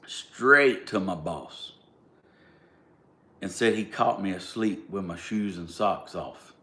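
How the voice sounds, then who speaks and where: Southern man, vlogger, low-voiced and blunt, talks plain and gets worked up. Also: slow, pushed and bright. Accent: Southern US (Georgia). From Southern United States. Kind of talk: casual storytelling.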